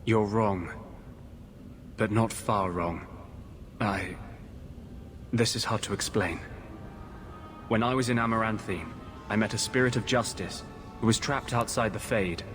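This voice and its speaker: Man playing a haunted game mage, grave, intense, somewhat low voice, earnest. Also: measured pace, long pauses, music in the background, natural voice. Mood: grim. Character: brooding male mage haunted by a vengeful spirit. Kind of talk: video game dialogue.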